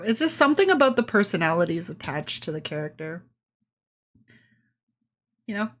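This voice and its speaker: A woman's voice: medium pitch, a bit bright. A young adult woman streaming a game in casual chat, giggling often, swearing freely and joking at her own expense. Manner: giggly, swears a lot, self-deprecating.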